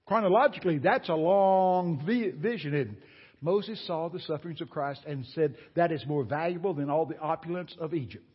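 Guest-preaching to a congregation, a man shares lively stories in a folksy, exclamatory manner. His voice runs on the high side, slightly rough, at a moderate pace. The sanctuary adds a long reverb tail, and the church recording sounds dull and lo-fi.

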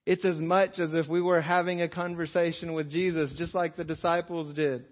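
A man preaching a sermon as pastor, earnestly, slowing down to stress key phrases. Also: a little high, flat delivery. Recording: dull lo-fi sound in a reverberant hall.

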